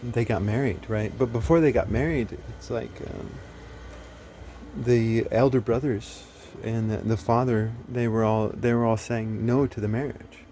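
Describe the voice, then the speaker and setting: A man's voice: mid-range voice, steady tone, measured pace, mellow, a little hiss or hum. A man talking casually to the camera, rambling and blunt, full of fillers, restarts and swearing. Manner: profane, blunt. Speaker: video host.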